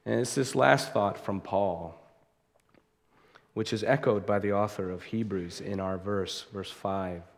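A man preaching a sermon in an earnest way, slowing down to stress key words as he reads scripture aloud. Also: lowish voice, steady tone, vocal fry. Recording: long hall reverb.

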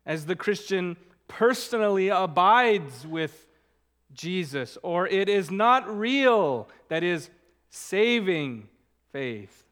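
A man preaching a sermon as a pastor, earnest, slowing down to stress key words. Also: sits high, fairly bright tone.

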